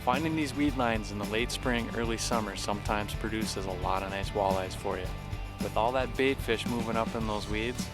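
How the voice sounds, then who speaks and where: A man hosting a fishing show from his boat outdoors, narrating with excitable, folksy exclamations. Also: lowish voice, moderate pace. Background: background music.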